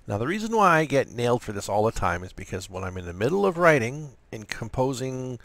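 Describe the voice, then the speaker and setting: Gravelly-voiced man teaching grammar. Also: medium pitch, big pitch swings, brisk, fairly bright tone, no echo. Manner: chatty, self-deprecating asides. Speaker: writing channel host. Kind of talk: casual grammar lesson.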